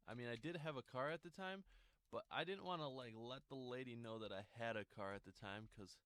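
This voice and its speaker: A man's voice: medium pitch, expressive, fairly quick, a bit bright, dry recording. A young man telling a casual storytime, rambling with lots of fillers and restarts.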